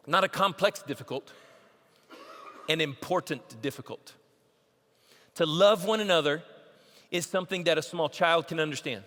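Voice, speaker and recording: A man's voice: fairly high pitch, moderate pace, pauses often, sharp tone. A pastor preaching a sermon, emphatic and repeating his key phrases. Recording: long church hall reverb.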